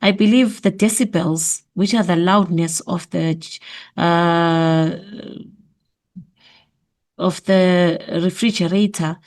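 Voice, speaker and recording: Slow, gravelly South African woman teacher. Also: on the low side, darkish tone. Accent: South African English. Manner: slow, thinking aloud, repeating answers. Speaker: teacher going over exam memo. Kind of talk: exam revision lesson.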